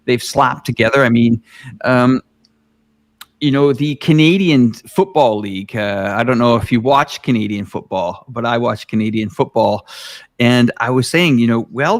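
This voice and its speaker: A man's voice: medium pitch, a little slow, dry recording. A man hosting a live stream, rambling with many fillers and enthusiasm in casual chat. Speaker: live stream host showing aerial footage.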